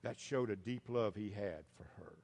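A man preaching a sermon to his congregation, repeating key lines for emphasis and swinging between loud and hushed delivery. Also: fairly low pitch, normal speed, creaky. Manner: speaks directly to the congregation as folks. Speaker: pastor.

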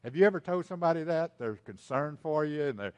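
A man preaching a sermon to his congregation, repeating key lines for emphasis and swinging between loud and hushed delivery. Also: a little high, animated, fast talker. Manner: speaks directly to the congregation as folks. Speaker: pastor.

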